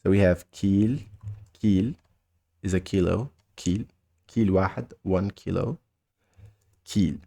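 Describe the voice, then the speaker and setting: A language teacher with a Mauritanian accent gives a casual spoken lesson, often halting and slowly repeating words and phrases for learners. His voice is low and dark, with vocal fry.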